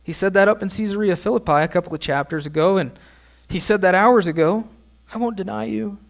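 A male pastor preaching a sermon in an easy, conversational manner, often turning to ask his listeners questions. His voice sits a bit higher than most men's. He sounds middle-aged. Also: quick pace.

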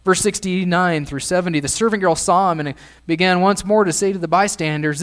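A man's voice: high-pitched, brisk, a bit bright. A middle-aged man, a pastor, preaching a sermon in a conversational way and asking his listeners questions.

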